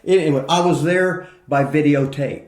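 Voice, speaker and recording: A man's voice: a little high, moderate pace, reverberant. Older man rambling through profane stories. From Indiana, United States. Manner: rambling, heavy swearing, animated when telling stories. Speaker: podcast host, retired wrestler. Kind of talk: casual profane storytelling.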